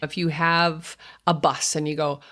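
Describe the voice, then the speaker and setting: An older woman, a speech therapist hosting a podcast, patiently explaining to parents how to help toddlers speak clearly. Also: low voice, level tone, measured pace, a bit bright. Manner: patient, explanatory, slips into exaggerated child-directed speech when modeling. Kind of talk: instructive podcast talk to parents.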